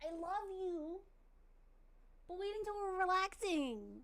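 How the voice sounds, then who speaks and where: A woman streamer chatting casually with viewers, rambling and restarting her sentences, and softening into baby talk with her pet. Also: extremely high pitch, animated, slow pace, no echo.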